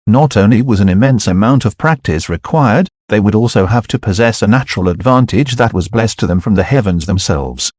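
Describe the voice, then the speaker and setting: A man narrating a web novel as an audiobook, measured and even. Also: lowish voice, no echo, clean studio sound.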